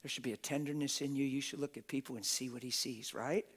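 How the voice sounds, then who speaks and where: A middle-aged man preaching a passionate, folksy sermon, often laughing and bursting into shouts. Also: mid-range voice, steady tone, quick pace. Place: church hall with a congregation.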